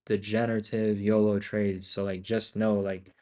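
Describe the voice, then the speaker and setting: A young man giving casual, profane, excitable commentary while trading live, often talking to himself. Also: fairly low pitch, moderate pace. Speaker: day trader streaming live.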